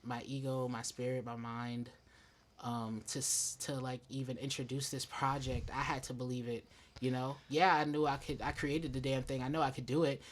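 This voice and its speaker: A man's voice: mid-range voice, level tone, moderate pace. A young man from Staten Island, New York, a musician being interviewed in a radio studio, talking candidly and reflectively, swearing freely. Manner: candid, reflective, swears freely, slips into quoted inner voices. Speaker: independent musician guest. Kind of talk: casual conversational interview.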